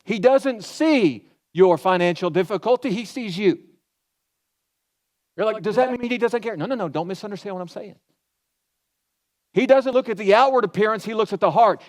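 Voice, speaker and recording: A man with a high voice preaches a sermon. He talks to the room in a chatty way, with rhetorical questions and quotes that he acts out. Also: fairly quick, a little mellow. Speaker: pastor.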